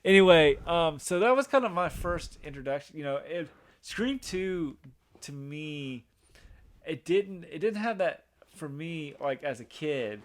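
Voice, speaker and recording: Man in his thirties, podcast host, rambling casual chat, smooth resonant voice, dry close sound. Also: a little high, animated, unhurried, dry recording. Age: 30s. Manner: rambling, with many restarts and fillers.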